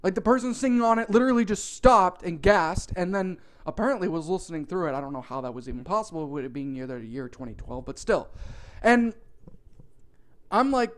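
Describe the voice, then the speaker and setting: A man narrating a comic storytime in an animated, profane, exaggerated way. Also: high-pitched, fairly quick.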